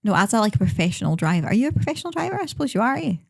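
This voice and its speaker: A woman's voice: fairly high pitch, big pitch swings, vocal fry, slightly rough. A young woman, a podcast guest, chatting casually and enthusiastically. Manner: fast, bubbly, enthusiastic. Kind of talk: casual chat. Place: small podcast studio.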